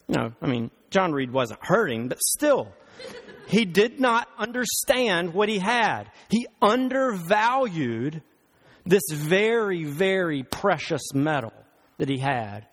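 A male pastor preaching a sermon, animated and emphatic, with rhetorical questions. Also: on the high side.

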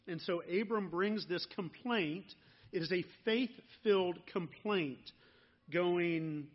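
Slow, high-voiced man preaching a sermon. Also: lo-fi sound. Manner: earnest, slowing down and dropping soft on key phrases. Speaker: pastor.

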